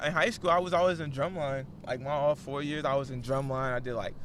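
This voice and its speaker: A young man from Kansas City, a podcast guest chatting casually in fast slangy talk, breaking into sudden high-pitched shouts. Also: fairly even intonation, noisy background. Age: young adult. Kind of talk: casual chat.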